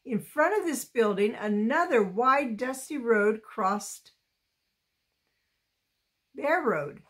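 Slow, careful woman reading a storybook. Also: fairly high pitch, expressive. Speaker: storybook reader. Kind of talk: reading a children's novel aloud.

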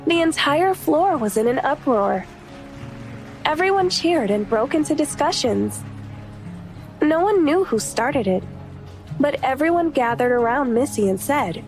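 A woman narrating a romance audiobook in a steady, even storytelling voice. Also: high voice, moderate pace. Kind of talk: scripted narration. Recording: soft music underneath.

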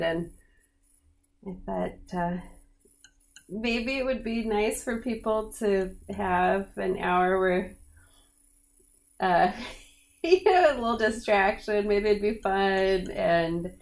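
A woman in her studio giving a live oil painting demonstration, talking in a relaxed, chatty way with many fillers. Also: mid-range voice. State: slightly cracky voice. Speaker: painting instructor.

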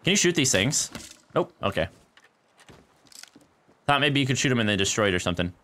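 A man streams a shooter game live from home in a sing-song, fairly quick, mid-range voice that's bright and forceful, with slight background noise. Chatting casually, he laughs often and calls viewers "dude" and "guys" into a desk microphone near his keyboard.

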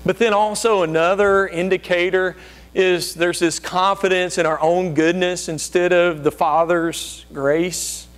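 During a sermon, a man speaking a little slowly with fairly even intonation slips into whiny, self-righteous voices for the people he describes. His pitch rises high whenever he mimics them.

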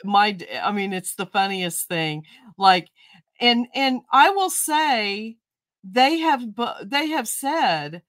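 A middle-aged woman hosts a casual crafting show and trades family stories in a chatty, folksy way. Her voice sits at an everyday middle pitch. It is recorded close and dry, with no room sound. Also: expressive, slow pace, fairly bright tone, no echo. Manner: chatty, storytelling, folksy turns of phrase. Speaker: host.

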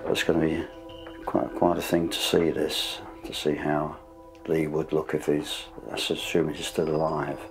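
An older man, a father, speaking slowly and reflectively in an interview. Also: a bass voice, monotone, over music. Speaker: father of missing boy.

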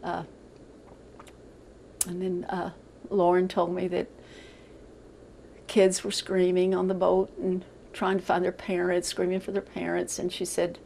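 An older woman speaks in a gravelly, creaky voice, recounting events haltingly with repeated words. She is being interviewed for the news. A faint hiss of noise sits underneath her. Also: lowish voice, monotone, dark tone, rough recording.

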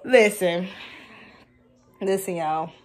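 A woman talks to her viewers at home in a casual vlog. She tells her stories in an animated, expressive way and keeps calling her audience y'all. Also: lowish voice, drawn-out words, faint music behind. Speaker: vlogger, mother of two.

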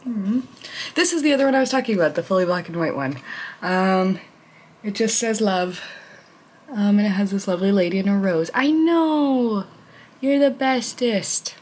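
A woman's voice: fairly quick, long pauses, a little mellow. Gushing young woman vlogger. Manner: gushing, filler-heavy, reads card captions aloud; high baby talk to her pet. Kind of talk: casual vlog chat.

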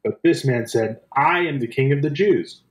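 A man reading the lines of hostile temple leaders in a low, blunt voice during a church Passion reading. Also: animated, moderate pace, close to an everyday voice. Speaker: scripture reader. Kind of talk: dramatic scripture reading. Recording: roomy church from a distance.

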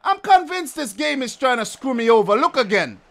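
A man's voice: extremely high pitch, sing-song, moderate pace, gravelly, a bit bright. A man giving exasperated, repetitive live commentary while playing a football video game. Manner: exasperated ranting, repeats phrases. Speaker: gaming video creator.

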